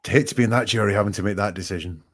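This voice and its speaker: A man's voice: lowish voice, rapid-fire. A man with a Scottish accent, a guest on a live stream, explaining things in a friendly way with many fillers. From Scotland. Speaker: guest commentator. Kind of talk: casual live-stream chat.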